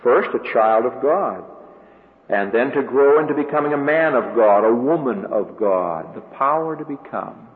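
A man preaching a radio sermon, stressing key words with sudden jumps in pitch. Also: expressive, moderate pace. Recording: narrow, tinny radio broadcast with long reverb.

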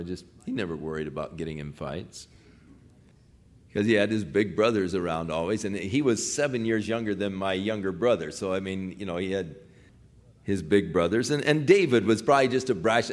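A man preaching a sermon, retelling a Bible story in a folksy, animated way and mixing scripture with casual paraphrase. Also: on the low side, normal speed.

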